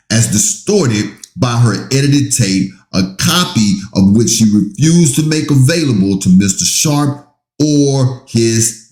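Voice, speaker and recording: A man reading out documents and adding his own comments, slow and emphatic, breaking into exasperated asides. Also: mid-range voice, a little mellow, echoey room. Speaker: commentator reading a legal statement.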